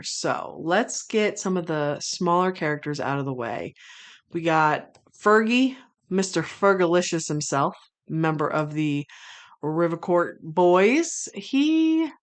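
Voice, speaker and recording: In her casual streamed commentary, a woman whose voice sits low curses freely, sometimes erupting in loud frustration and sometimes musing at length with frequent restarts.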